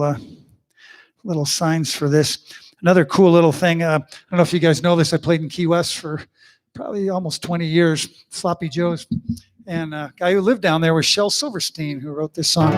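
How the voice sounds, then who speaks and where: A man's voice: a little high, fairly even intonation, normal speed. A man hosting a living room concert, chatting casually and rambling between songs with plenty of fillers. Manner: rambling, folksy, full of fillers and asides. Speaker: singer-songwriter hosting an online concert. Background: guitar.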